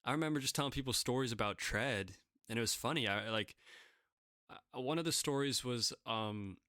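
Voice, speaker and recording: A man's voice: mid-range voice, normal speed, sharp tone, no room sound, clean studio sound. A young man casually telling self-deprecating stories, rambling with lots of fillers. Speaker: podcast guest pitcher. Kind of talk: casual storytelling.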